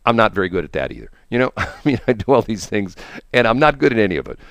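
Animated, rambling male radio host. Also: fairly low pitch, rapid-fire, creaky, dry recording. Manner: rambling, enthusiastic storytelling with many restarts. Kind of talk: casual chat.

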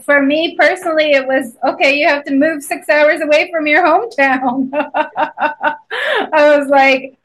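A woman hosts a faith podcast with a high, bright-pitched voice. She talks in an unhurried way, chatting easily and laughing often. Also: fairly even intonation, rough recording. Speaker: podcast host. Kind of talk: casual chat.

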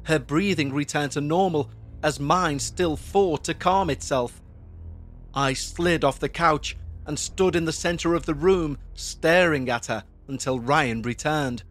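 Slow man narrating a horror story. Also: on the high side, fairly bright tone. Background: faint background music.

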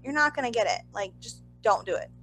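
A woman co-hosting a casual chat, telling a story in an animated way with lots of fillers and asides. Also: on the high side, poor audio. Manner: animated, talks fast with frequent fillers and asides. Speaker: podcast co-host.

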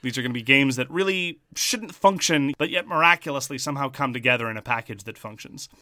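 A man's voice: medium pitch, fast talker, sharp tone, no echo, studio quality. A man with a Montreal Irish Anglo accent, co-hosting a podcast in a wry, wordy, pedantic chat. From French Canada. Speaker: podcast co-host.

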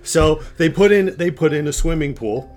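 An older man, a podcast host and grandfather, telling stories in a casual, animated way and often restarting his sentences. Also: fairly high pitch, normal speed, faint music behind. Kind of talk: casual storytelling chat.

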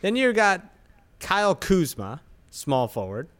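A man's voice: high-pitched, sing-song, unhurried, a bit bright. A man co-hosting a podcast, mocking a team's roster in a dry, wry way. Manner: dry, mocking, reads off stats. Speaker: podcast co-host. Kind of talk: casual sports banter.

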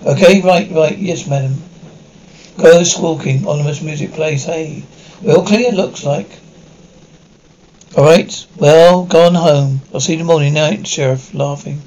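A man reading a television episode script aloud, stage directions and sound cues included, all in one even voice. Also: a little high, a little slow, poor audio. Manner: reads every part and cue in one even voice. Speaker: script reader.

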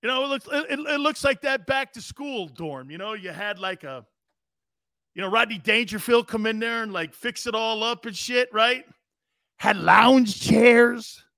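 A man hosting a sports talk show, telling rambling, profane stories in a loud, brash way. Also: high voice, animated, moderate pace, no echo, clean studio sound. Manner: loud, brash, profane storytelling with acted-out quotes.

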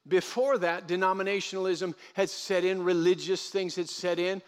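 A pastor with a high, light voice preaches a sermon at a church service. He is animated and acts out the voices of the people he quotes, and he repeats key phrases to drive them home. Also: moderate pace, hardly any pauses, clear, resonant tone.

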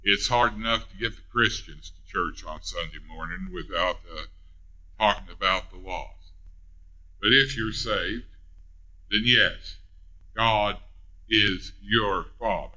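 Older man, Baptist-style preacher, folksy and unhurried, very bright tone. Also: on the low side, low-quality recording. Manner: folksy, self-deprecating, with repeated restarts. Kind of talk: sermon.

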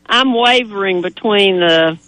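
A woman's voice: medium pitch, measured pace, a bit bright, poor audio. A woman on a racing panel, chatting enthusiastically and sometimes hesitating as she weighs her picks. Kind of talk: casual chat about racing.

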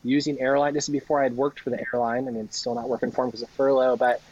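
Speaking very fast in a husky, mid-range voice, a male podcast guest animatedly recounts casual stories and acts out what others told him. The audio is lo-fi.

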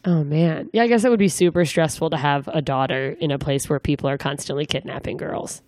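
A woman's voice: sits low, a little fast, darkish tone, no room sound. A young woman interviewing a guest in a casual, joking way, full of rambling asides.

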